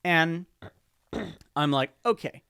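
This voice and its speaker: A man's voice: a little high, animated, drawn-out words, vocal fry, pushed and bright, smooth, dry recording, clean studio sound. A man on a podcast telling a long, rambling story in casual chat with lots of fillers and restarts. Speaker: podcast co-host.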